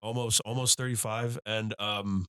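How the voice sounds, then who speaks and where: A man's voice: lowish voice, moderate pace, smooth. A man in his thirties hosting a podcast, chatting casually and rambling with lots of fillers. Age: 30s. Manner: animated, rambling with many fillers. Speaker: podcast host, stand-up comedian. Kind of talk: casual chat.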